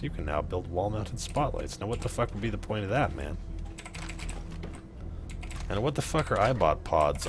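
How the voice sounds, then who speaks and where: Low-voiced male streamer, profane and sarcastic, chatting with viewers over a noisy desk setup. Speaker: streamer playing a game. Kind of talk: casual let's play commentary.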